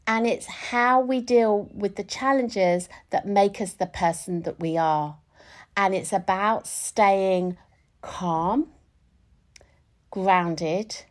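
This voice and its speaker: A woman coach talks softly through her week in a solo podcast. Her voice sits at an ordinary middle pitch. She rambles and restarts as she thinks aloud. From United Kingdom. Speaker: podcast host and spiritual coach. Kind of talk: reflective casual monologue.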